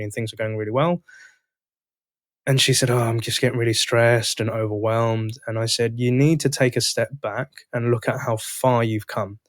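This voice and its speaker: A man hosting a podcast, telling a coaching story in a casual, animated way. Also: mid-range voice, no room sound, clean studio sound. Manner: animated, acts out both sides of dialogues. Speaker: podcast host and sales coach.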